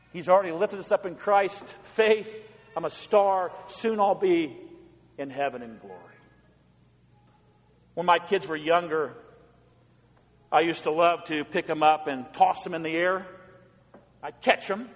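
A male pastor preaching a sermon in a church, folksy and repetitive, building up to rhythmic lists. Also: fairly high pitch. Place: church sanctuary. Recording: long hall reverb, dull lo-fi sound.

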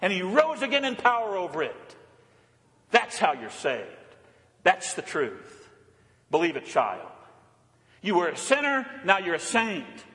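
A man's voice: sits high, fairly bright tone, in a large hall. A man preaching a sermon as pastor, building emphasis through repeated phrases. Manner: preaching with repetition and rising emphasis. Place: church.

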